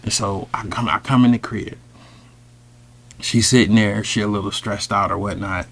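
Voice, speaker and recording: A man telling a personal story in a casual, animated, slangy way, with sudden loud outbursts. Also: on the low side, normal speed, creaky. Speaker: storyteller host.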